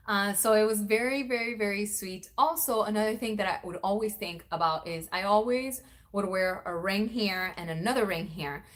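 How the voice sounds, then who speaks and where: A young woman vlogger chatting casually, acting out quoted lines with big jumps in pitch. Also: fairly bright tone. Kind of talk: casual storytelling chat.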